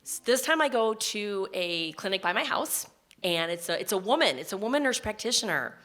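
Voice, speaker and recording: A woman storyteller on stage with a bright, forward voice. She relives her story in the present tense, vivid and emotional, drawing the listener straight into the moment. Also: mid-range voice, lively intonation, normal speed. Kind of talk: personal story told on stage.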